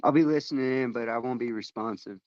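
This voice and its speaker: A man's voice: medium pitch, fast, no room sound, dull audio. A man calling into a panel, speaking bluntly.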